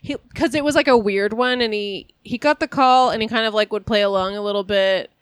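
A woman's voice: medium pitch, fairly quick, clean tone, no room sound, clean studio sound. A woman co-hosting a podcast, eagerly retelling a funny story with frequent laughs. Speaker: podcast co-host. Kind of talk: casual comedic chat.

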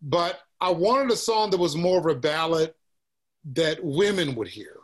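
A man from Texas with a Southern accent, a musician guest chatting casually in an interview, relaxed and peppering his talk with "man" and "you know.". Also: on the high side, unhurried. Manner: laid-back, says "man" and "you know" often, laughs easily.

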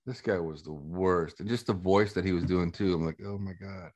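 A man's voice: deep voice, brisk, darkish tone. A man co-hosting a podcast, bluntly scorning a movie in casual chat. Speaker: podcast co-host.

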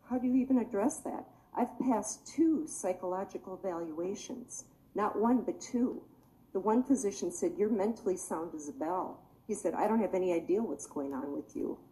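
A woman's voice: mid-range voice, moderate pace, warm tone, low-quality recording. A woman giving emotional, pleading testimony at a public meeting, sounding tired. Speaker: public commenter.

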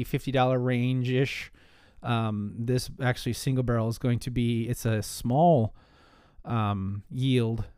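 Man, podcast host, rambling, slightly winded, smooth voice, dry sound. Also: mid-range voice, darkish tone, dry recording. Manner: rambling, with filler words and restarts. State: slightly out of breath. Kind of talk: casual podcast chat.

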